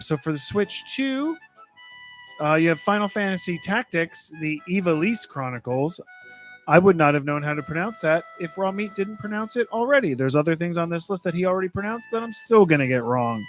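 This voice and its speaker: High-voiced man joking through game releases. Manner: joking, stumbles over game titles. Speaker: podcast co-host reading release lists. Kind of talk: casual podcast chat.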